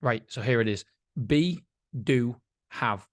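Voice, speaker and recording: A man's voice: medium pitch, lively intonation, slow pace. Man, middle-aged, podcast host, rambling casual monologue, self-mocking. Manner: chatty, rambling, self-mocking, laughs often.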